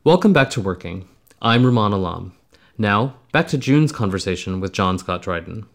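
A man, the podcast host, reading scripted segues and announcements smoothly. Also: on the low side, expressive, normal speed.

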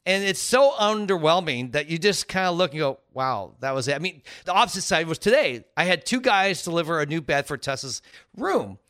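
Animated, bright-voiced male podcast co-host. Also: high voice, a little fast. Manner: animated storyteller, acts out quoted voices. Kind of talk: casual chat.

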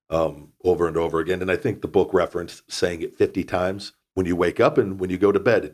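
A man's voice: low-pitched, fairly even intonation, fairly quick, hardly any pauses, darkish tone. A man hosting a podcast, giving a blunt, rambling motivational talk with casual swearing. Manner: blunt, profane, rambling with restarts. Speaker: podcast host.

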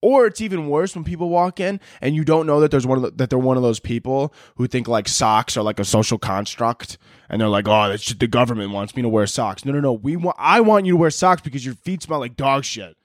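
A man's voice: mid-range voice, a little fast, dry recording, clean studio sound. A young man hosting a podcast, ranting casually and sarcastically with lots of swearing. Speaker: podcast host. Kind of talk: casual solo rant.

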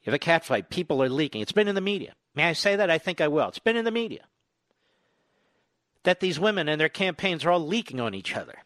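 A male talk radio host delivering a combative, sarcastic political monologue full of rapid-fire rhetorical questions. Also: fairly high pitch, very animated, a bit bright, no echo, studio quality.

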